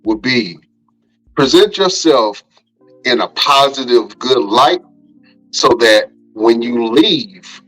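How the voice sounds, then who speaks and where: Earnest man giving slow reflective advice. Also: medium pitch, fairly bright tone, rough recording. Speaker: podcast panelist. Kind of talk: casual podcast chat.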